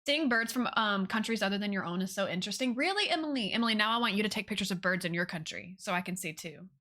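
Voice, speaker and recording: A young woman, chatting casually with viewers on a live stream, bubbly and gushing. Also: quick pace. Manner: bubbly, gushing, swoops up high when excited.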